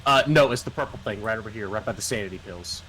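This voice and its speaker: A man's voice: on the low side, fast, fairly bright tone, slight background noise. A man coaching a friend through a video game in casual chat, repeating his instructions and teasing. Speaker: gamer guiding a friend.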